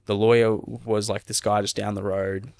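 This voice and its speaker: A man's voice: lowish voice, flat delivery, normal speed, gravelly, darkish tone. A young man, a podcast guest, earnestly recounting a personal story in a rambling way, saying "like" often. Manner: earnest, rambling, heavy use of "like".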